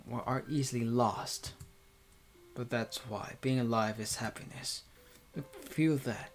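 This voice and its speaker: A woman voicing an earnest teenage boy, speaking softly and deliberately in a visual novel reading. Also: rumbling low. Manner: soft, quiet, deliberate.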